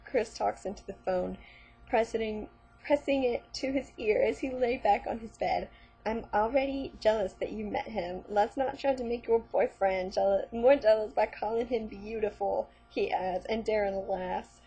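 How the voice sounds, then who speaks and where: A woman's voice: mid-range voice, normal speed, warm tone, breathy edge, faint music behind. A woman vlogger reading fan fiction aloud, breaking in with sarcastic, mocking commentary.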